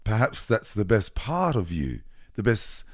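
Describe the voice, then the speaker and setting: A man hosting an interview, speaking in a reflective, measured way and circling back on his words while thinking. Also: lowish voice, wildly swooping pitch, a little mellow, breathy edge, no room sound, studio quality. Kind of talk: conversational interview.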